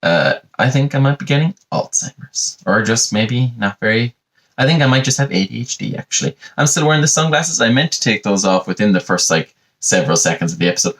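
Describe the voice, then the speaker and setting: A man's voice: mid-range voice, expressive, fairly quick, a bit bright. A young Irish man hosting a solo comedy podcast from his bedroom, rambling and sardonic, with constant "you know" asides. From Ireland. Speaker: podcast host. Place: bedroom at home.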